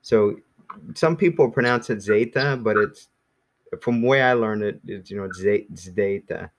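Low-voiced man teaching casually. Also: normal speed. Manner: relaxed, rambling, many ums and restarts. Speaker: Greek teacher.

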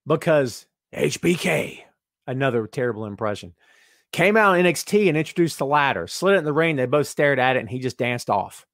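A man's voice: medium pitch, fast talker, no room sound, studio quality. A man hosting a podcast in a casual live-stream chat, reading viewer comments aloud and joking straight to the chat. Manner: excitable, jokey, talks straight to the chat. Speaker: podcast host.

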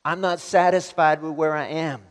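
A man preaching a sermon as pastor, emphatic and building to loud exhortation. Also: fairly high pitch, fairly even intonation, normal speed. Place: church sanctuary. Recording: long church reverb.

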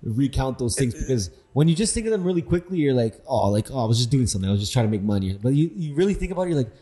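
Fast-talking, mellow-voiced male co-host. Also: mid-range voice, big pitch swings, slightly rough. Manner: rapid agreeing backchannel. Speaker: podcast co-host. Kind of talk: casual chat.

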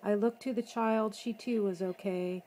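A woman reading her own rhyming poem aloud in a measured, rhythmic way. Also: mid-range voice, fairly even intonation, a little hiss or hum, poor audio. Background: soft background music.

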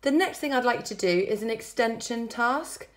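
A woman's voice: fairly high pitch, normal speed, echoey room, far from the mic, poor audio. A woman with an English accent teaching a children's dance lesson, counting beats and calling out moves in an upbeat way. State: out of breath.

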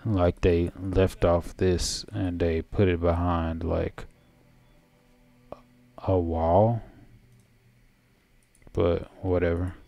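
A man's voice: sits low, flat delivery, drawn-out words, gravelly, long pauses, warm tone, faint music behind. A man thinking aloud while playing a fantasy game, mumbling numbers and item names. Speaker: gameplay commentator. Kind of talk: casual let's-play commentary.

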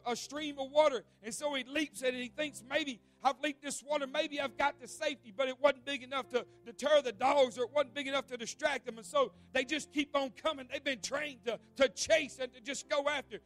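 High-voiced preacher telling a dramatic story. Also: male voice, fairly even intonation, fairly quick. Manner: dramatic storytelling with repeated words, swings from loud to hushed. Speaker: pastor. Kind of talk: evening church sermon. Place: church sanctuary.

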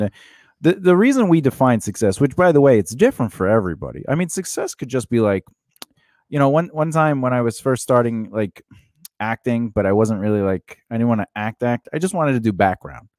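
A man's voice: medium pitch, sing-song, a little fast, darkish tone, no room sound, clean studio sound. A man co-hosting a podcast in casual comedic chat, rambling and joking, with many fillers and restarts. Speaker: podcast co-host.

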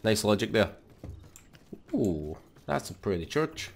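A young Scottish man giving sweary, excitable let's play commentary into a desk mic. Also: on the low side, slow pace, creaky, slight background noise. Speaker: gaming YouTuber.

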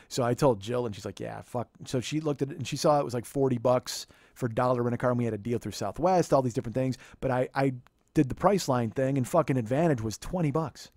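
A man in his fifties telling a funny story in a profane, animated way, laughing as he goes. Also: mid-range voice, fast talker, no echo, clean studio sound. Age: 50s. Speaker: podcast host. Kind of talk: comedic storytelling monologue.

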